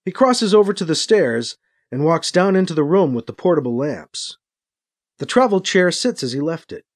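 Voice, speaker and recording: A man reading a science fiction story as narrator, in steady storytelling narration. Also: fairly high pitch, normal speed. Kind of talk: scripted narration.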